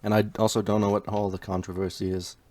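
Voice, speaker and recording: A man's voice: fairly low pitch, flat delivery, fast talker, warm tone, dry recording. A young man co-hosting a casual podcast chat, mostly asking short teasing questions. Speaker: podcast co-host.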